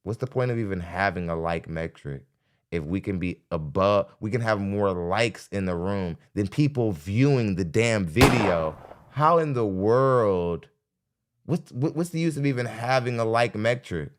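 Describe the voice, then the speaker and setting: A man's voice: fairly low pitch, moderate pace. A man hosting a live podcast, giving skeptical, rambling reaction commentary with frequent restarts. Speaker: podcast host.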